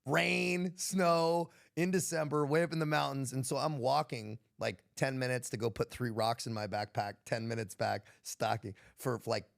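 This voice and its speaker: A man's voice: mid-range voice, steady tone, normal speed, vocal fry, hardly any pauses. An American man, a military veteran guest, telling stories in a laid-back, profane way and laughing often. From United States. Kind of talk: casual podcast storytelling.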